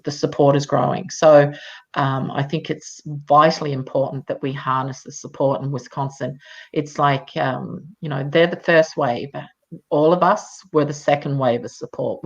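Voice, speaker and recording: A woman with a low voice speaks over a video call that sounds dull and lo-fi. She talks in a measured, emphatic way, with frequent ums and restarts as she argues her point. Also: creaky. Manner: measured, emphatic, many fillers. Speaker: campaigner. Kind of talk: live chat interview.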